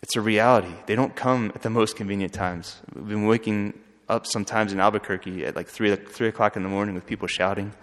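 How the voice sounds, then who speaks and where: A man who is a friar, telling a story in an earnest, halting way with frequent restarts. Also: fairly low pitch, steady tone, a bit bright. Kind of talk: storytelling talk. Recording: long hall reverb.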